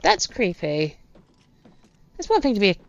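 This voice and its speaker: A woman's voice: medium pitch, very animated, moderate pace, no echo, dull audio. A woman hosting a gaming video, giving casual, chatty commentary with amused asides.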